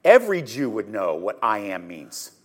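A man teaching a sermon on scripture, telling the story dramatically and emphatically, swinging between loud and hushed, and putting questions straight to his listeners. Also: lowish voice, huge pitch swings, moderate pace. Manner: addresses listeners directly with questions. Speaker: Bible teacher.

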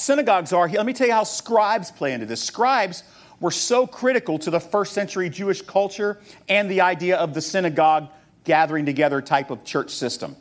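A male pastor preaching a sermon, asking rhetorical questions and reading scripture aloud as he teaches. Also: high voice.

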